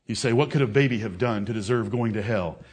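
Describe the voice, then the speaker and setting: Here a male preacher scolds and confronts his listeners in a fiery sermon, moving from raised, loud declaiming to low, intense reasoning aimed directly at them. He talks fast, with a breathy edge.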